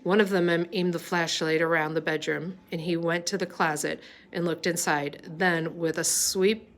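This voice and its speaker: A woman reading a novel aloud, unhurried, with small slips and restarts. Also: fairly low pitch, steady tone. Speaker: reader.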